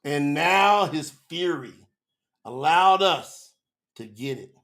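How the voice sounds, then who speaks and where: Middle aged guy preaching scripture live, high gravelly voice, goes loud then real quiet. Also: expressive, slow. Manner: fervent, preacherly, big swings from loud to hushed. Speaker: scripture teacher on a livestream. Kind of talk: passionate live scripture teaching.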